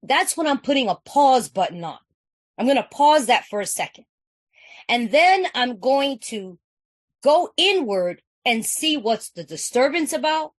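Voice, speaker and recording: A woman's voice: high-pitched, very animated, a little slow, no room sound. A woman from California giving an earnest, conversational personal share at a recovery meeting, repeating phrases and often asking "you know what I'm saying".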